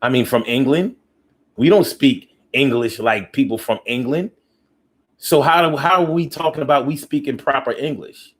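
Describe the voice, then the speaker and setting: At a moderate pace and in a mid-range voice, a man hosts a live call-in talk show, reading out comments from viewers. His replies are loose, slangy and preachy, with lots of restarts and lines repeated for emphasis.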